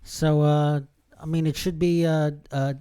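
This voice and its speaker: A man on a podcast giving advice in casual chat, hesitant and halting. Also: fairly high pitch, level tone, warm tone, smooth. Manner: hesitant, full of uhs and restarts.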